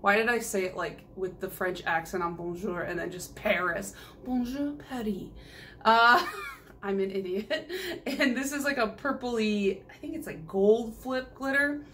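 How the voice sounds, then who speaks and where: A woman's voice: mid-range voice, moderate pace, a bit bright, slight background noise. Chatty giggly woman vlogger. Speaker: nail polish vlogger. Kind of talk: casual haul video chat.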